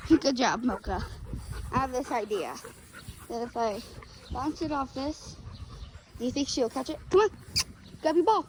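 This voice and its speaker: With a high, animated voice that's a little slow and leaves long pauses, a woman speaks playful baby-talk to a dog she's sitting in a backyard. She's a vlogger filming on a handheld phone, and the low-quality outdoor audio has background noise.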